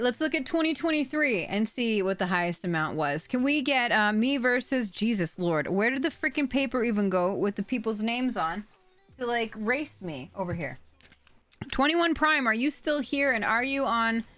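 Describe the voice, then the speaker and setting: A young adult woman live-streaming, chatting excitedly with her viewers, thanking donors, swearing and laughing. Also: a little high, moderate pace, no echo. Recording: faint music behind.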